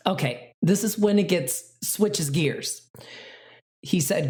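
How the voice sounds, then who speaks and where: Podcast co-host, woman, low pitch, loose rambling delivery. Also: animated, unhurried, darkish tone. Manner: rambling, heavy on "like", dramatic readings of messages. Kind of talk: casual chat.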